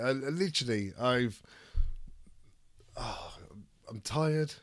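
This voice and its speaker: A man with a raspy voice from a cold, chatting casually on a live stream and reading chat aloud. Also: medium pitch, a little slow, dry recording, studio quality. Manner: reads chat aloud, rambling and swearing. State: ill with a cold, raspy throat. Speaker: streamer hosting a debate.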